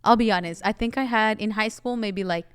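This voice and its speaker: Young Mexican-American woman, casual podcast chat, crisp smooth voice, dry close sound, chatty storytelling. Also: mid-range voice, fairly quick, no echo. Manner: chatty storyteller, animated quoting. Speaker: podcast co-host.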